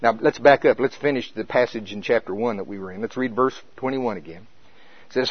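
A man preaching a sermon, telling a vision story with lively swings between loud and hushed delivery, on a dull, dry, lo-fi recording. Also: medium pitch, brisk, slightly rough, no echo.

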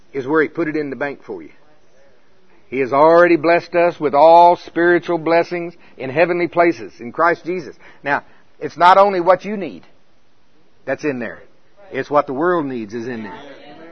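Older male preacher, lively, lo-fi sound. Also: breathy edge. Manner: animated, bursts into high laughing exclamations. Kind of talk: sermon. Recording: dull lo-fi sound.

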